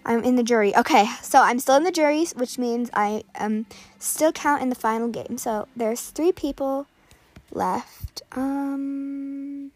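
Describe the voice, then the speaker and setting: A female gaming creator narrates her play as it happens, with an excitable, slightly high voice. She rattles off items in quick bursts and now and then sinks into a nervous whisper, with soft game music playing underneath. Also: no echo. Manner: excitable, calls out items rapidly, drops to whispers. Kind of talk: live gameplay commentary.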